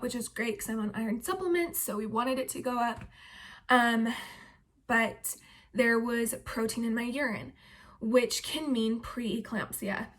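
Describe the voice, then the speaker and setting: Heavily pregnant, a young woman vlogs casually about her pregnancy in a slightly high, somewhat bright voice. She's chatty and fills her speech with lots of "like" and "um."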